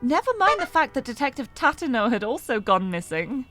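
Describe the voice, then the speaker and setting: Animated woman streamer reading a game. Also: fairly high pitch, brisk, soft background music. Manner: narrates expressively, breaks off to laugh and comment.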